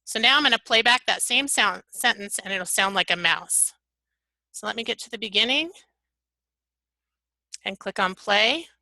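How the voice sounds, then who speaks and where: Bright-voiced woman teaching software online. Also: medium pitch, lively intonation, normal speed, pauses often, dry recording, low-quality recording. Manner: upbeat step-by-step instructions. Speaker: webinar presenter. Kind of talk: software tutorial webinar.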